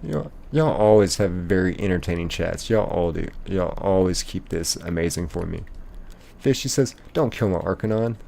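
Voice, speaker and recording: Gravelly, playful streamer man. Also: low-pitched, moderate pace. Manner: playful, laughs often, reads viewer messages aloud in lively voices. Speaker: streamer reading chat. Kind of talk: casual live-stream chat.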